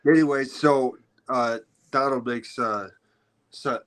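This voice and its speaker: A man's voice: mid-range voice, steady tone, slow, fairly bright tone, rough recording. Laid-back rapper man on a call. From Michigan, USA. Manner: loose, laughing, many fillers. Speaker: guest rapper. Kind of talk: casual video-call chat. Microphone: video call.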